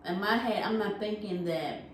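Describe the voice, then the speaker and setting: A woman co-hosting a couple's channel, telling a story in a casual, animated, laughing way with lots of slang and swearing. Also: mid-range voice, moderate pace, a little hiss or hum. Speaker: co-host. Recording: echoey room, far from the mic.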